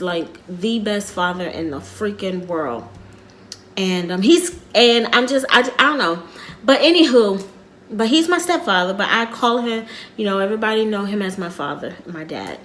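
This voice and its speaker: Using a mid-range voice, a middle-aged woman rambles through a personal story on her casual vlog, repeating herself and speaking in an earnest, quiet manner.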